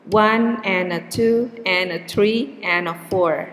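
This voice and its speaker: A woman lecturing on pronunciation at a slow, deliberate pace, stretching out example words to show where the stress falls. Her voice carries a long reverb, as if recorded in a large hall. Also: medium pitch, fairly bright tone, slight background noise. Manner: slow and patient, repeats words with exaggerated stress. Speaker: English teacher.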